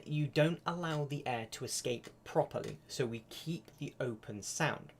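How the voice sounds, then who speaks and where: A man's voice: medium pitch, moderate pace, hardly any pauses. A man giving a casual live-streamed flute lesson, chatty and full of fillers. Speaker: flute teacher.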